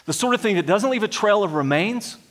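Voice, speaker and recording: A man's voice: high-pitched, lively intonation, brisk, long reverb tail. A man preaching a sermon, earnest and emphatic, asking rhetorical questions of his congregation. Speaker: pastor.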